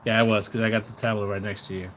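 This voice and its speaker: A man's voice: on the low side, level tone, very fast, fairly bright tone, a little hiss or hum. A man live streaming from outside his house, rambling in casual chat, repeating words and swearing when he gets riled up. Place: outdoors near his house.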